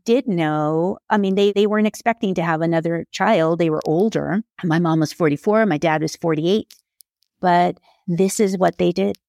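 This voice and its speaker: A woman from California tells her own story as a podcast guest, candid and lively, with a lowish voice. She brightens and lifts her pitch whenever she quotes someone. The recording is dry and close, with no room sound. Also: normal speed, vocal fry, dry recording. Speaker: memoir author telling her adoption story as a guest. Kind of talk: personal storytelling in a podcast interview.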